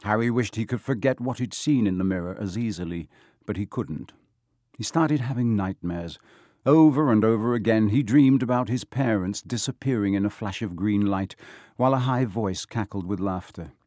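A man reading a novel aloud as a narrator, measured and steady. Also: fairly low pitch, no echo, studio quality. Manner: measured storytelling. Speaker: audiobook narrator. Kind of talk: scripted narration.

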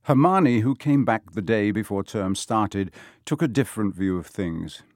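A man reading a novel aloud as a narrator, measured and steady. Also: lowish voice, dry recording, studio quality. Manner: measured storytelling. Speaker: audiobook narrator. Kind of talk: scripted narration.

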